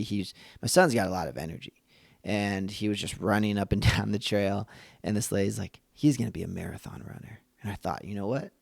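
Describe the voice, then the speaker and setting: A man in his thirties talks through a podcast episode in an earnest, loose way, circling back and restarting his thoughts. His voice sits low with a gravelly edge, and it is recorded dry and close with no room sound. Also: a little mellow, dry recording. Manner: earnest, conversational with frequent restarts. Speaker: podcast host. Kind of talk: casual reflective monologue.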